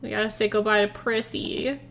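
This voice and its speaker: A woman's voice: medium pitch, fairly even intonation, moderate pace, vocal fry, a bit bright, slight background noise. A woman streaming a game, giggly and playful in casual chat.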